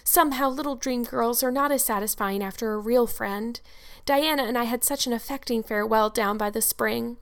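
A woman's voice: on the high side, close to an everyday voice. A woman voicing a dramatic, romantic young orphan girl who speaks in a gushing, theatrical, tearful way in an audiobook. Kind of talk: audiobook character voice.

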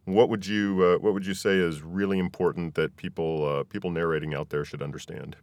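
Deep-voiced man hosting, dry sound. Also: little pitch movement, fairly quick, no echo. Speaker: podcast host. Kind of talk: casual interview chat.

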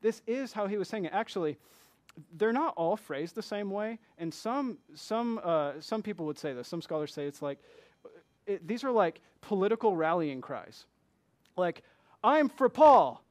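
With lively intonation and a moderate pace, a high-voiced male pastor delivers a sermon in a conversational, friendly way to his congregation. He peppers them with rhetorical questions and shifts between hushed asides and loud, emphatic bursts.

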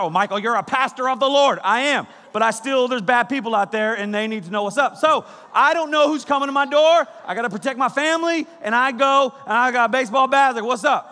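Male pastor, 30s, high and bright, comic storyteller in the pulpit, big reverberant church hall. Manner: jokey, acts out scenes with sudden shouts. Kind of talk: animated sermon.

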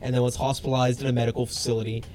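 A man's voice: mid-range voice, level tone, racing, darkish tone, a little hiss or hum. A man co-hosting a casual podcast, cracking dry jokes and swearing freely as he banters. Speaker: podcast co-host.

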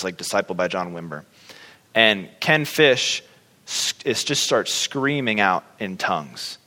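Sitting on the low side, his voice is bright and forceful as he shares a personal faith testimony. The telling is casual and chatty, packed with fillers and acted-out reactions, and echoes with long hall reverb.

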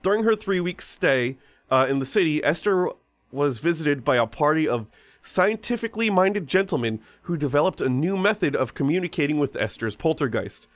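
A man with a somewhat high-pitched voice reads a ghost story aloud on a casual podcast. He often breaks off for joking asides. The sound is close and dry, with no room echo. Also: expressive, normal speed. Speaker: podcast host reading a story. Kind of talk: casual comedic podcast chat.

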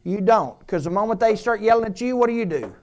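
A male pastor delivers a sermon, his pitch rising and falling freely as he speaks. He leans on rhetorical questions and moves between loud, pressing appeals and soft, confiding asides. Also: lively intonation, fast talker.

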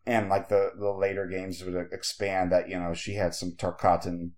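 This podcast co-host speaks in a low, slightly mellow voice with flat delivery at normal speed. His casual chat wanders, stuffed with fillers.

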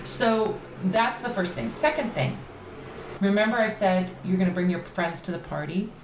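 A woman talking casually on a podcast about candle magic, chatty and animated. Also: mid-range voice, moderate pace. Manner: chatty, animated, laughs easily. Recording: roomy echo, faint background noise.

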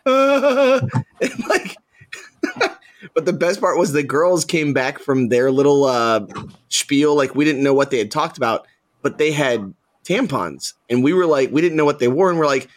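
A man's voice: a little high, very animated, moderate pace. A man in his thirties telling a rambling story with many fillers in a casual podcast chat. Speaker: podcast host.

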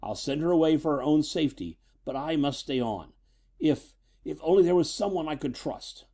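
A man's voice: fairly high pitch, animated, moderate pace, dark tone, pitched above the performer's own voice. A man voicing a frantic, agitated older male scientist, pleading and exclaiming. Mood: anxious.

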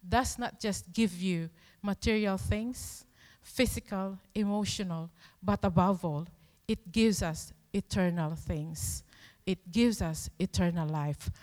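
A woman delivers a sermon at an unhurried, deliberate pace, pressing her points with earnest emphasis and rhetorical questions. Her voice rings out with a long reverb from the church hall around her. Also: mid-range voice. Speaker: preacher.

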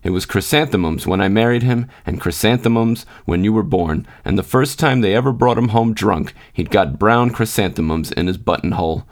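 A man with a low voice reading the part of a bitter, scolding miner's wife. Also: moderate pace, few pauses, close to an everyday voice. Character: bitter weary miner's wife, grown woman.

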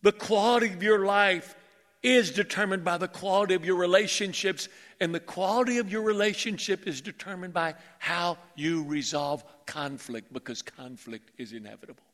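A male pastor delivers a lively, joking sermon at normal speed, his high, bright voice engaging the congregation. Each phrase is followed by the lingering reverb of a big church hall.

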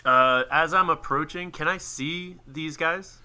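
A man playing a tabletop game, talking in halting bursts with lots of fillers. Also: a little high, sharp tone, smooth. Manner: halting, trails off, filler-heavy. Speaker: player.

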